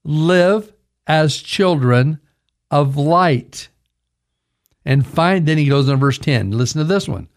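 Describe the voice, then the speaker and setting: A man's voice: a little high, expressive, slow, pauses often. Emphatic older male pastor preaching. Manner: preachy, emphatic, addresses listeners as folks. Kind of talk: sermon. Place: radio broadcast.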